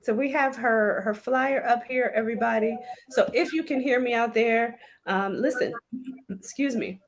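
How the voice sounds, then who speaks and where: A woman's voice: on the high side, normal speed, a little hiss or hum. A woman hosting a show over a video call, chatty and apologetic, laughing easily. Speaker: host. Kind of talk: casual video-call chat.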